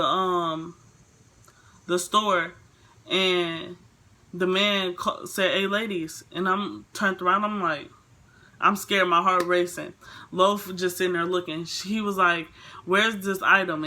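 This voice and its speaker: A young woman vlogger telling a storytime in a casual, rambling way, full of fillers. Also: on the low side. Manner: rambling, filler-heavy, animated retelling.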